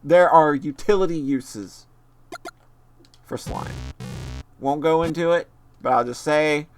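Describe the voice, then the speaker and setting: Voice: medium pitch, slow pace, pauses often, soft background music. A streamer chatting casually and jokingly over gameplay, laughing often and swearing now and then.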